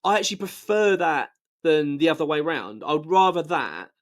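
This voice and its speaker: A man's voice: on the high side, big pitch swings, moderate pace. A man, married, hosting a football fan channel and giving blunt, passionate casual commentary full of restarts. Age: adult, married.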